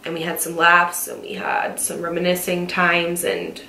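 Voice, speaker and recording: A young woman candidly telling a story about a past relationship at home, speaking in quick bursts and then slowing down when emotional. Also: lowish voice, completely flat delivery, sharp tone. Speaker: storytime vlogger. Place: at home, facing the living room. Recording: roomy echo, distant mic.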